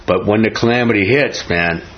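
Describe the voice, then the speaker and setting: A man's voice: lowish voice, a little fast, muffled recording. A man teaching a Bible chapter verse by verse in a folksy way, often asking "right?" and laughing.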